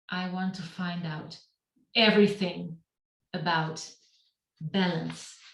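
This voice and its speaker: A middle-aged woman, speaking on a video call, giving a reflective talk about her own life to a meetup. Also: mid-range voice. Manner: slow, reflective storytelling. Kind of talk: personal storytelling talk. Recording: roomy and distant from the mic.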